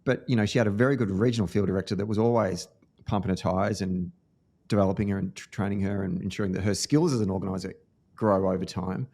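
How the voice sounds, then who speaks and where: Australian male podcast host, low-ish register, earnest anecdotal delivery with fillers and restarts. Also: steady tone, fast, mellow. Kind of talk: casual podcast conversation.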